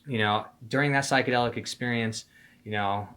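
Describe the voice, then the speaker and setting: A young man with a bright, forceful voice tells a story from his own life in a loose, casual monologue. His talk is slangy and profane, packed with "like", "dude" and "bro". His pitch sits at an ordinary middle height. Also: fairly even intonation, brisk, smooth. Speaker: vlogger telling a personal story.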